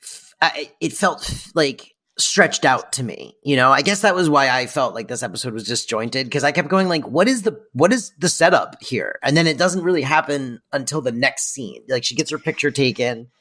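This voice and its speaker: A podcast co-host in casual chat, talking haltingly with false starts while critiquing an episode. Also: medium pitch, pushed and bright. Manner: hesitant, restarts while critiquing.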